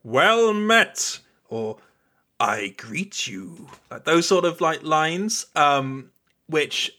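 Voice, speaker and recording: A man's voice: mid-range voice, bright, forceful tone. A man hosting a podcast, chatting casually and rambling through his thoughts. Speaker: podcast host.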